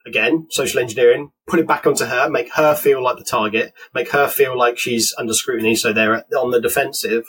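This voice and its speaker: A man, a penetration tester telling work stories in a casual interview, animated and acting out the dialogue. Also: mid-range voice, a little fast, few pauses, rough recording. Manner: animated, acts out dialogue in quotes, laughs.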